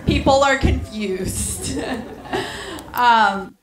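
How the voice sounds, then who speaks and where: A woman doing a stand-up comedy set on a club stage, chatty, with lots of "like" and deadpan punchlines. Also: a little high, very slow. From Alabama, USA. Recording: echoey club room. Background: audience laughter.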